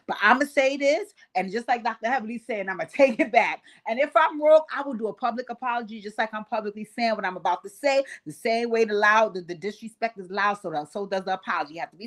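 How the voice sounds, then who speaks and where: A woman hosting a livestream, giving a blunt, profane, animated recap of reality TV. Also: mid-range voice. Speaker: host.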